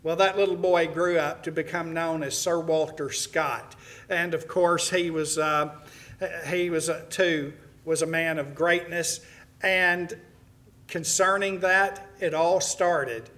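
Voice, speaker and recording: A man's voice: on the high side, steady tone, takes it slowly, fairly bright tone. A middle-aged man preaching to his congregation, telling a story in a folksy way with many "uh"s and restarts. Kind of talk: sermon to a congregation.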